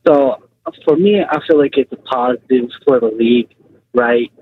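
A man's voice: medium pitch, normal speed. A man calling in to a radio show, making his points earnestly and repeating himself. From California. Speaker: caller. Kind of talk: call-in radio talk. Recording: tinny phone line.

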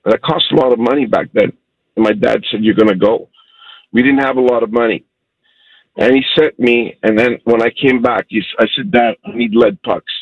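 A middle-aged man calling in to a radio show, telling a heartfelt story in an animated way. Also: mid-range voice, gravelly, no echo, dull audio. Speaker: caller. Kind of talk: phoned-in storytelling.

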